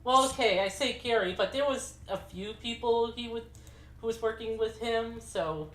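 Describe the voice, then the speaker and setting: A woman's voice: fairly high pitch, moderate pace. A woman chatting casually while gaming, making wry, offhand asides. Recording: echoey room with faint noise.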